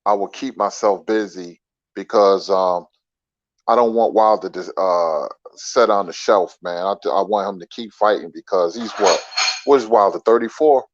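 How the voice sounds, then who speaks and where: Low-voiced man on a dull, dry call-in line. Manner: drawn-out, says "man" often, stumbles on words. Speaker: call-in guest. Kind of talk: casual chat.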